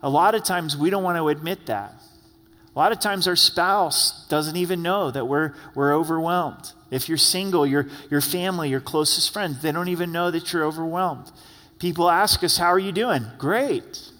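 A man's voice: fairly high pitch, normal speed, a bit bright, in a large hall. A man preaching a sermon as pastor in a conversational style, often acting out the words of the people he quotes. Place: church sanctuary.

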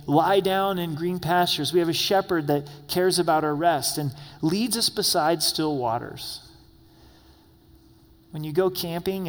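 A male pastor delivering a sermon, reading scripture aloud verse by verse and addressing the congregation directly with light humor. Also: on the high side. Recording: long echoey hall reverb.

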